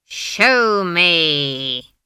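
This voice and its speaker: A woman's voice: sits low, sing-song, measured pace, sharp tone, no echo, clean studio sound, exaggerated voice. A woman doing a blunt, stern old witch. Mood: commanding. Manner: blunt, scornful, commanding.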